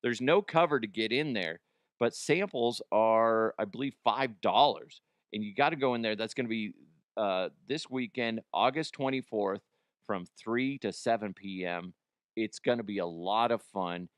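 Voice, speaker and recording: A man's voice: fairly low pitch, a little slow, clean tone, no room sound, clean studio sound. A man hosting a casual comedy talk show, joking loosely, cursing freely and reading an ad. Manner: loose, profane, jokey, animated outbursts. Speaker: radio show host.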